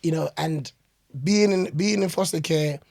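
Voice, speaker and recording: A man's voice: a little high, a little slow, vocal fry, darkish tone, dry recording, studio quality. A young man, a podcast guest talking earnestly and reflectively about his upbringing, with many fillers. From England. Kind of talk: casual podcast interview.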